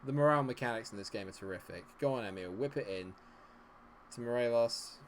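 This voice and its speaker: A man commentating live on his own football management game. He is dry and sarcastic, and his mid-pitched voice sits over a faint hiss of background noise. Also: fairly quick. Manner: exasperated, sarcastic, swings from grumbling to cheering. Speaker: gaming streamer.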